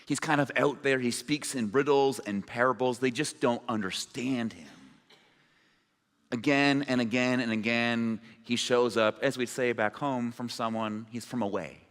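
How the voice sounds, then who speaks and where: A man's voice: mid-range voice, steady tone, measured pace, a bit bright. A man preaching a sermon as pastor, in a conversational, informal way with asides. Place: church sanctuary. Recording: long reverb of a large hall.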